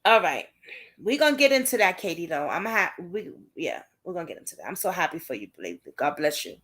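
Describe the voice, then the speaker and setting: Her voice sits fairly low and moves briskly. She's a livestream host and advocate running a casual stream, reacting to what she reads and chatting animatedly right to her viewers.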